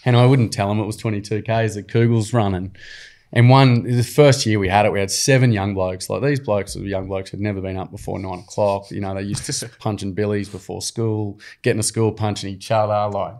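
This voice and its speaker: A man's voice: on the low side, fairly quick. Earnest Australian man telling stories. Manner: earnest, slangy, animated storytelling. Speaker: podcast guest, program founder. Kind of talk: casual storytelling.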